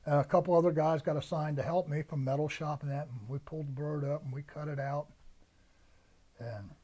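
An older American man with a fairly high voice tells his service stories at an easy, rambling pace. He acts out the orders his sergeants barked at him as he goes. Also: fairly even intonation, brisk, mellow. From United States. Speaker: veteran interviewee. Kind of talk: oral history recollection.

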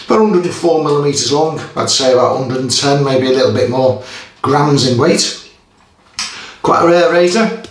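A man with a Merseyside accent chats his way through a shaving demo, halting and self-mocking as he goes. His mid-pitched voice sits back from the mic and bounces around a roomy space. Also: expressive. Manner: rambling, self-deprecating, halting with fillers. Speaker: shaving channel host. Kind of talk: casual product demo vlog. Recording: roomy echo from a distant mic.

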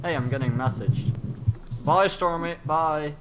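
A playful, jokey man talks through a game in English, getting excitable whenever things heat up. His voice sits a little high for a man. Clear background noise runs under the recording. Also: a little slow. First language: Dutch. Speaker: gamer. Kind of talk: casual gameplay chat.

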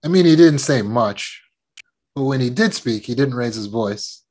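A man's voice: mid-range voice, animated, moderate pace, darkish tone. A man telling a personal childhood story and giving self-help advice as a trauma recovery coach, often repeating words and laughing as he talks.

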